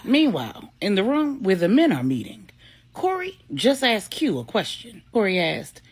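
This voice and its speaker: A woman narrating a grown-up bedtime story in a plain, steady way. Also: mid-range voice, normal speed, slightly rough.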